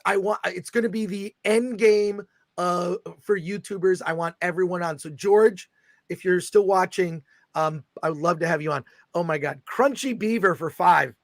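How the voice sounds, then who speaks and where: A middle-aged man hosting a casual livestream chat, excitably reading viewer comments aloud. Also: sits high, no echo. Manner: excitable, reads viewer super chats aloud. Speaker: host.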